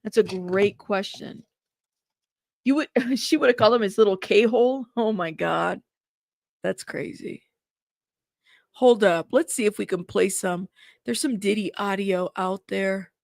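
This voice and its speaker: A woman's voice: medium pitch, measured pace, creaky, pauses often, dry recording, clean studio sound. A woman hosting a casual live stream, chatting, reacting to viewers and laughing. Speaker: host of live trial coverage stream.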